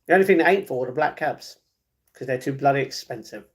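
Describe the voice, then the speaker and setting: A man hosting a casual live stream, reading the chat, chatty and slangy, jumping between excited outbursts and muttered asides. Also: mid-range voice, fast talker. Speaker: livestream host.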